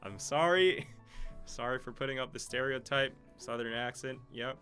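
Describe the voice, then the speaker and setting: A man, hosting a relaxed live-stream Q&A and reading out viewer comments. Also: medium pitch, moderate pace, faint music behind. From Korea. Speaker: podcast host.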